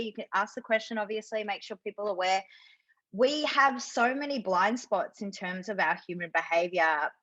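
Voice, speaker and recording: A British woman speaks as a sales coach in a webinar. Her audio is dry and a little muffled. She explains with enthusiasm and quick asides. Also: on the high side, bright, forceful tone, no room sound. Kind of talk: webinar conversation. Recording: dull lo-fi video call audio.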